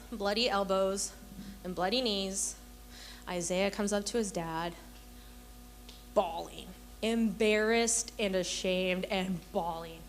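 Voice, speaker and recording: Speaking to a women's church gathering, a young adult woman shares an earnest personal testimony. Her voice is mid-range, there's slight background noise, and she acts out the quoted voices as she tells her stories.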